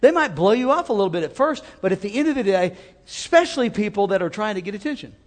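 Preacher guy, kinda high voice, lots of echo, chatty and calling out for amens. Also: expressive, fast. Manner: call-and-response preaching, conversational asides. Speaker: pastor. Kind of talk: sermon. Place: church sanctuary. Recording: long hall reverb.

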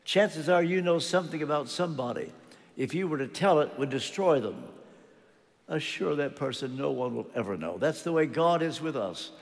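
A man's voice: fairly high pitch, animated, normal speed, gravelly. Older male preacher in a reverberant hall. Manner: storytelling preacher, acting out quotes, rising and falling emphasis. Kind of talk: sermon. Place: church.

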